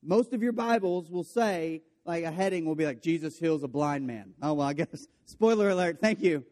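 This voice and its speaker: Male pastor, fairly high voice, casual storytelling sermon with comic character voices. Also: normal speed, a little mellow. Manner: storytelling, voicing characters with jokey asides.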